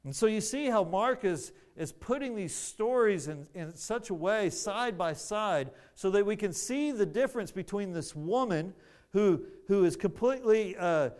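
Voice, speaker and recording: A man's voice: sits high, animated, a little slow, a little mellow. A man preaching a sermon, earnest, often repeating words as he searches for the phrasing.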